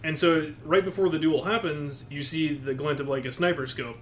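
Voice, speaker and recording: A man with a somewhat high voice co-hosts a casual podcast. He swears freely, laughs often and slips into quoted voices as he tells a story. A faint hiss sits under his voice. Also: steady tone, moderate pace. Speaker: podcast co-host. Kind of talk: casual chat.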